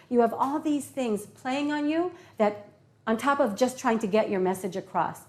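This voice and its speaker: Animated woman teaching public speaking. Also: a little high, normal speed. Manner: animated, demonstrates tones and acts out examples. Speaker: English teacher. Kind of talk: classroom lesson on public speaking.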